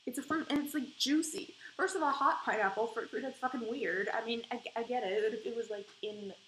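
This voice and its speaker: Swearing, animated woman gamer. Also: on the high side, brisk, slight background noise, rough recording. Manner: animated, swears freely, indignant outbursts. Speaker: gamer playing a dating game. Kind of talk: let's play commentary and reading aloud.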